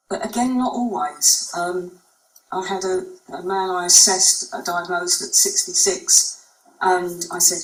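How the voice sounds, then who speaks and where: A woman clinician gives a conference presentation in a conversational, unhurried way, with frequent ums. Her voice is lowish, steady, and fairly bright. The recording, made in a presentation room, is echoey with the mic far off.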